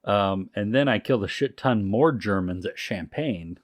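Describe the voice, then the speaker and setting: A man doing a proud old soldier running an elevator, brushing off heroic deeds in a lively, casual tone. The voice sits a bit above his usual register and is recorded dry and close. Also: on the low side, normal speed, no room sound, lightly acted. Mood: offhand. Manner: casual, offhand boasting. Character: proud, matter-of-fact male war hero working as an elevator operator.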